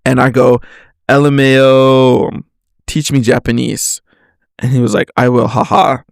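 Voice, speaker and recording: Gravelly young man telling a story. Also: mid-range voice, unhurried, no echo, clean studio sound. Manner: animated, swearing, reads chat messages aloud. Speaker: podcast host. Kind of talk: casual storytelling monologue.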